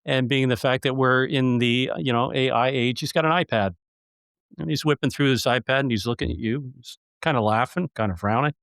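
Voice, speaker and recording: A man's voice: mid-range voice, brisk, gravelly, a bit bright, smooth, no room sound, studio quality. A man hosting a podcast interview, telling stories in a chatty, joking way. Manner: storytelling, jokey and chatty. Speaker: podcast host.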